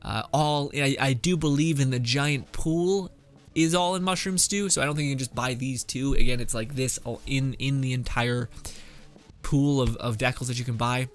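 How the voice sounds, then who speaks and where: A man's voice: mid-range voice, normal speed, soft background music. A man streaming a casual, rambling commentary on a game update, chuckling often in a wry way. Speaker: gaming streamer.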